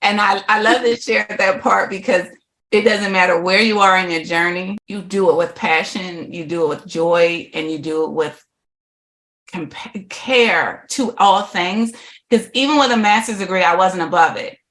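A woman's voice: lowish voice, moderate pace, a bit bright. A middle-aged woman, a podcast guest, telling her life story with animation, laughing often and acting out quoted voices.

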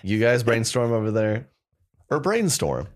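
A man's voice: mid-range voice, unhurried. A man from the American South with a Southern accent, joking through made-up folksy sayings in a casual comedy chat. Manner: joking, makes up folksy sayings, lively delivery.

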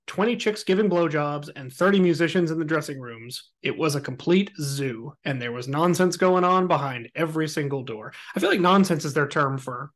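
A man hosting a podcast, telling a story in a casual, animated and joking way. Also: on the high side. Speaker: podcast host.

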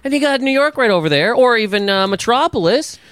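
A man with a high, lively voice rants and riffs profanely in a casual comedic podcast chat. His pitch leaps around as he builds his bits. The sound is close and dry. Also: brisk, clean tone, dry recording. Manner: profane, ranting, riffing. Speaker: podcast co-host.

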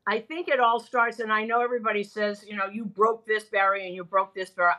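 An older woman broadcaster telling animated stories from her career in an interview, often quoting other people. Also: mid-range voice, rough recording. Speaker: guest broadcaster. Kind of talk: storytelling in a podcast interview.

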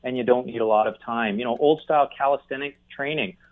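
Male phone-in guest, measured and explanatory, phone-line sound. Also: medium pitch. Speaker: guest expert on a call-in. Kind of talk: interview answers.

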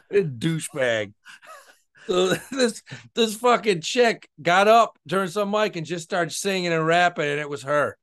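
Man, raised-pitch voice, brash podcast co-host who swears freely and gets loud. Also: unhurried. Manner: loud, excitable, swears a lot. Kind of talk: casual crude banter.

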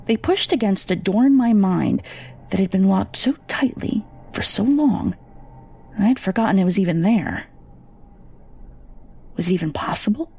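A woman narrating a first-person horror story in a measured, somber way. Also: medium pitch, expressive, creaky, a little mellow, husky.

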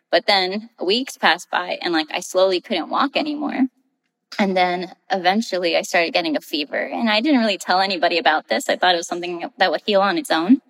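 A woman's voice: lowish voice, fairly quick, fairly bright tone, big-room sound. A woman guest casually telling a story about herself, laughing often as she talks.

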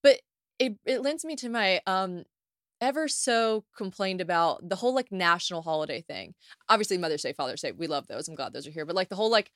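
A young woman from the United States hosting a casual solo podcast, telling stories in a chatty, animated way with plenty of swearing and acted-out quotes. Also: on the low side, fairly quick, no room sound, clean studio sound. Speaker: podcast host.

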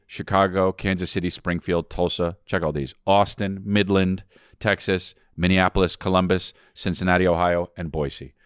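A man's voice: low voice, clear, resonant tone, dry recording, studio quality. A man co-hosting a podcast in casual, teasing banter, rambling and plugging his tour dates. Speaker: podcast co-host and touring comedian.

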